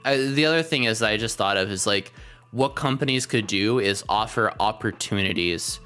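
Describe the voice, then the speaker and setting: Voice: mid-range voice, moderate pace, sharp tone, clear, resonant tone, soft background music. A podcast host chatting casually on a livestream, rambling with lots of fillers and the odd swear word.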